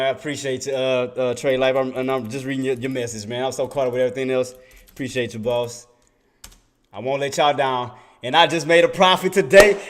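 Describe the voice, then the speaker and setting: A man giving casual live commentary on his day trading, excitable and chatty, laughing with his chat and muttering to himself while he searches his screen. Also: mid-range voice. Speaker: day trader streaming live.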